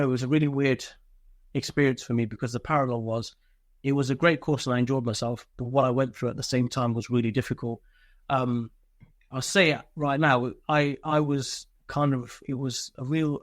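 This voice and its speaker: A man's voice: mid-range voice, no room sound. A man, telling candid stories from army life as an interview guest, swearing freely and laughing through them. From Britain. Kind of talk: casual interview storytelling.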